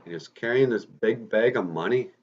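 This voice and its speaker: A man voicing a gentle old uncle who is dying, speaking slowly and strained. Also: lowish voice, dull audio, pitched above the performer's own voice, lightly acted.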